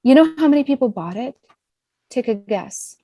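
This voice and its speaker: A woman in her thirties with a foreign accent, a business coach telling her own story as a podcast guest, animated and full of "like" and "right?". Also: sits high, moderate pace, no echo. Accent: non-US foreign accent. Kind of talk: personal storytelling in a podcast interview.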